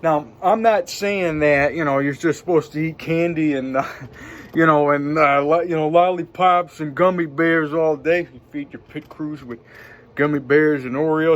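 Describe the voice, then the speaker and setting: A man's voice: a little high, moderate pace, dull audio. A man giving an upbeat, rambling motivational vlog talk full of catchphrases. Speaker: vlogger and self-styled spiritual guide.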